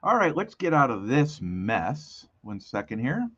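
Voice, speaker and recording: Husky rambling man hosting a live stream. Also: mid-range voice, big pitch swings, measured pace, a bit bright, lo-fi sound. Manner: rambling, self-correcting, chatty, with many fillers. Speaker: host of a weekly live community show. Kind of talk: casual live-stream chat.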